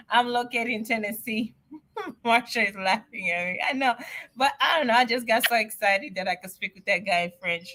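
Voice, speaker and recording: A woman answering immigration questions on a live stream, chatty and excitable, often repeating herself. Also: on the high side, normal speed. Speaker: immigration advisor.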